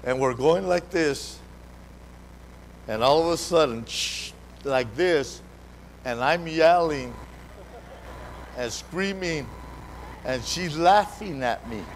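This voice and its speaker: A man preaching a sermon as pastor, animated, calling out to the congregation and repeating his words. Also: a little high, takes it slowly, long pauses, slight background noise, poor audio. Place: church hall during a live service.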